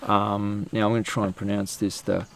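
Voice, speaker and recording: A man's voice: fairly low pitch, little pitch movement, normal speed, creaky, fairly bright tone. An Australian man hosting an outdoor podcast, chatting casually and rambling with fillers and restarts. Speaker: podcast host.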